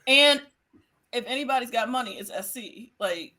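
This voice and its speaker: A woman co-hosting a podcast in casual, slangy chat, quick with opinions. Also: fairly high pitch, animated, crowd noise. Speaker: podcast co-host.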